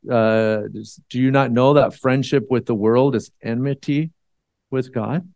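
Male church elder, mid-pitched, dry close sound, chatty sermon delivery with ums and restarts. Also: darkish tone, no room sound. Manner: conversational, with frequent fillers and restarts.

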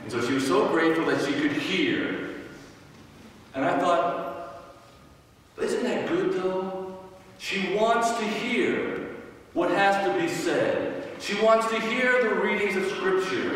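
A man, a priest, giving a homily in a loud, storytelling manner. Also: high-pitched, animated, unhurried, slight background noise. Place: church. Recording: echoey church from far off.

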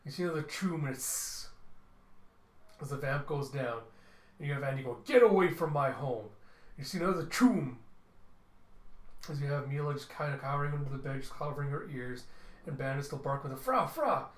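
A man's voice: medium pitch, fairly even intonation, fast talker, echoey room. A man reading through a comic book, narrating the panels and voicing each character as he goes. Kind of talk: dramatic comic readthrough.

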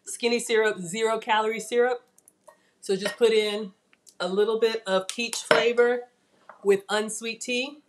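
A woman hosting a live-streamed cooking class from a home kitchen, chatty and excitable, talking straight to her viewers. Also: fairly high pitch, unhurried, very noisy.

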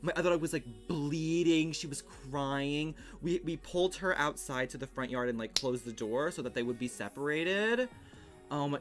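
A young man with a fairly high-pitched voice tells a story on his home livestream. He talks fast and animatedly, packing in fillers and swearing as he goes.

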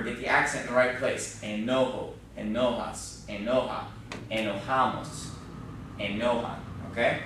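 Recorded from a distance in a very echoey church classroom, a man with a mid-range, fairly bright voice teaches a Spanish class. He explains patiently, questions the students, and frequently adds "okay?", with a little hiss or hum in the audio.

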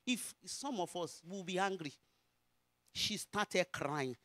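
A woman's voice: medium pitch, sing-song, unhurried, fairly bright tone, dry recording, clean studio sound. A woman pastor with a Nigerian Yoruba accent, telling a personal testimony in a sermon and rising into emphatic preaching.

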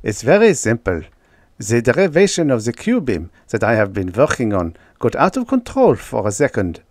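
A man doing an excited German physicist. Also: mid-range voice, moderate pace, no echo, studio quality. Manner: eager, explaining. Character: excitable middle-aged male German physicist.

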